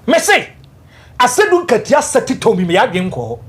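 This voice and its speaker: A man's voice: very high-pitched, huge pitch swings, moderate pace. A man with a Ghanaian English accent, debating politics on a talk show and mixing in Twi. He is emphatic and keeps repeating his points. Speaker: political panelist.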